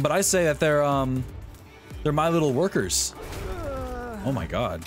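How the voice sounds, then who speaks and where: A young man streaming a video game live, talking excitedly to the characters on screen. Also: fairly high pitch, unhurried, over music. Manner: excitable, talks to the game's characters. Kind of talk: live gameplay commentary.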